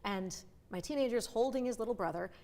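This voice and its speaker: A middle-aged woman who coaches speakers, explaining her ideas in an animated, conversational interview with playful asides. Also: fairly high pitch. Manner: animated, with quick vivid asides and playful voices. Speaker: voice and communication coach.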